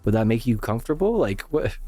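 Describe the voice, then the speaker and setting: Animated male streamer, lively pitch. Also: fast talker, no echo, soft background music. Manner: animated, swearing, thanking viewers. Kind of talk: casual live-stream chat.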